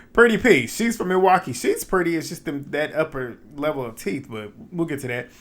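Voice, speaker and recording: A man's voice: on the high side, lively intonation, moderate pace, fairly bright tone. Man, casual recap host, opinionated, laughs a lot, talks to viewers directly. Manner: chatty, opinionated, laughs often, addresses viewers as y'all.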